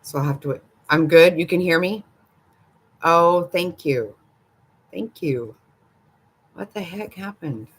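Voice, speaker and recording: An older woman talks to her livestream viewers in an easy, drawn-out way, taking her time between thoughts. She is gossipy and quick to giggle, and she answers the chat as if among friends. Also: on the low side, slightly rough. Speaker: livestream host. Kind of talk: casual live chat with viewers.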